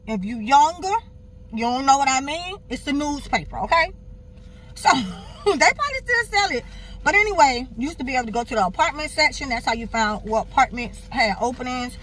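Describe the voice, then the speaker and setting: Candid woman telling a personal story. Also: a little high. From Miami, Florida. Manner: animated, candid, swears freely, keeps addressing viewers. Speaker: vlogger.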